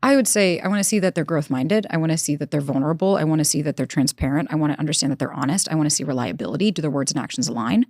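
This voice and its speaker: A woman relationship expert talks fast and emphatically in a podcast interview, acting out her clients' words. Her voice sits low, and the sound is close and dry. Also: a little mellow, no room sound. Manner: emphatic, acts out quotes from clients. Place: recorded in Los Angeles.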